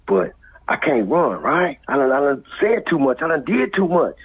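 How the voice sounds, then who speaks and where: A man with a Los Angeles accent tells a story with a very raspy, breathy voice. His pitch swings widely as he acts out voices and sound effects and drops into whispers, and the sound is thin and tinny like a phone line. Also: sing-song, moderate pace. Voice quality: very husky. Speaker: guest storyteller. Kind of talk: animated street storytelling.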